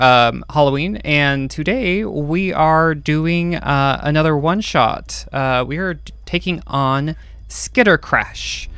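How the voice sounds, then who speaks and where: A man's voice: a little high, a bit bright, smooth, no room sound, studio quality. A man introducing the cast as game master, hesitant with many ums and uhs. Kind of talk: casual actual-play intro.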